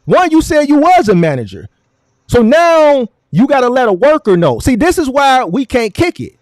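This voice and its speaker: A man's voice: very high-pitched, wildly swooping pitch, moderate pace, dry recording. A man hosting a stream, arguing hotly and mockingly with a guest, repeating "sir" again and again. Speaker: stream host. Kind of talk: heated argument.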